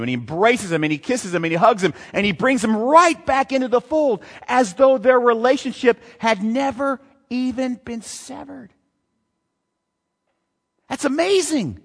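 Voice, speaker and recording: A male pastor preaching a sermon, animated, reading scripture and throwing out rhetorical questions, recorded in a large hall or church. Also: sits high. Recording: long hall reverb.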